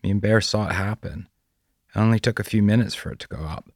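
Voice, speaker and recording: A man's voice: on the low side, fast, dry recording, lightly acted. A man voicing a frazzled, defensive father, close to his own voice.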